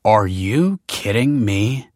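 A man voicing an anxious middle-aged father in a storybook reading, tense and quick to bristle. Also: on the low side, lively intonation, darkish tone, no echo, studio quality. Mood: teasing.

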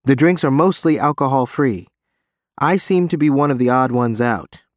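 A man's voice: medium pitch, moderate pace, no echo, clean studio sound. A man narrating a story in first person. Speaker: audiobook narrator. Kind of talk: scripted narration.

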